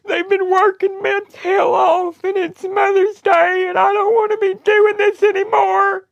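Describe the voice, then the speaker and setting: A woman's voice: rumbling low, sing-song, moderate pace, creaky, no room sound, exaggerated voice. A woman playing a worn-out, crude older woman on a prank phone call. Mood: sobbing, fed up. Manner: crude, rambling complaints. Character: worn-out older Southern woman, crass and blunt. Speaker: prank caller.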